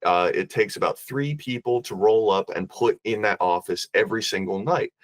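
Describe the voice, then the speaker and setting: A man tells a ghost story as a podcast guest, animated and throwing himself into the voices of the people he describes. His voice sits fairly low for a man, and he is recorded close on a mic with a very dry sound. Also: moderate pace, no echo.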